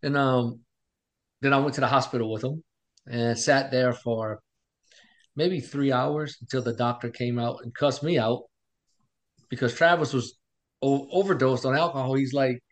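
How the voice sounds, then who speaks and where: A man's voice: medium pitch, steady tone, moderate pace, long pauses. A man joins a podcast by video call and tells a story bluntly and vividly, without shying away from cursing. He has a mid-range voice and a casual, unpolished delivery. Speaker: guest, longtime friend of the host.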